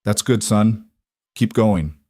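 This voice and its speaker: A man's voice: on the low side, slow pace, a little mellow, no echo, clean studio sound. A man reading as an earnest cowboy father. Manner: earnest, emotional. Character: tough, tender cowboy father.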